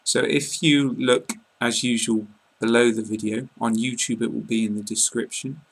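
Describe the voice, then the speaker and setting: A British man giving a casual online pronunciation lesson, speaking slowly and carefully and repeating example words. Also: medium pitch, fairly even intonation, vocal fry, rough recording. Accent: British English. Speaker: English pronunciation teacher.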